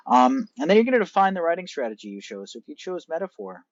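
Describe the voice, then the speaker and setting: A man's voice: fairly high pitch, big pitch swings, fast talker, dry recording, dull audio. A male teacher walking students through an assignment on screen, explaining each step conversationally and addressing them directly. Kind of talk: screen-recorded assignment walkthrough.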